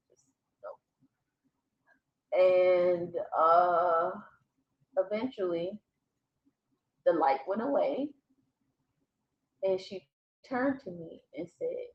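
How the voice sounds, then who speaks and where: A woman's voice: on the low side, extremely slow, long pauses. A woman vlogger casually telling a personal story to camera, swearing freely and breaking into laughter. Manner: profane, animated retelling with bursts of laughter. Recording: echoey room, slightly dull sound.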